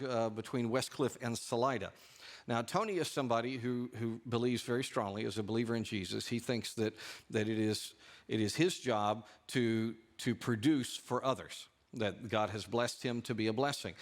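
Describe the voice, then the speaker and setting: A male pastor preaching a sermon in a church, talking animatedly and lifting his voice for asides and quoted lines. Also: medium pitch. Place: church sanctuary.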